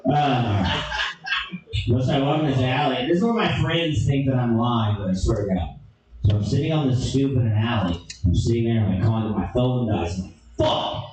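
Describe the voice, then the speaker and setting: A young man telling a crude, animated comedy story, now and then breaking into shouted bursts. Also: medium pitch, normal speed, recorded from a distance, slight background noise. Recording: echoey room, from off mic.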